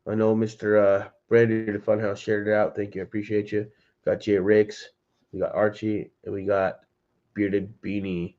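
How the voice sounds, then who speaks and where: A man's voice: fairly low pitch, completely flat delivery, moderate pace, darkish tone. A man hosting a casual livestream, chatting loosely with viewers from home and calling them by name. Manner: loose and chatty, addresses chat by name, says "dude". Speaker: livestream host. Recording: slightly dull lo-fi stream audio.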